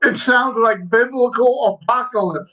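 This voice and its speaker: High, bright-voiced man on a dull remote line. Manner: folksy and quick to laugh. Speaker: podcast guest. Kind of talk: casual chat.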